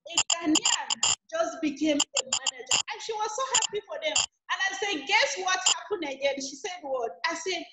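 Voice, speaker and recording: Casual: woman on a call telling a grateful story, high voice, echoey room. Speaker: team member giving thanks. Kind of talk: testimonial speech on an online call. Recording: echoey room with clear background noise.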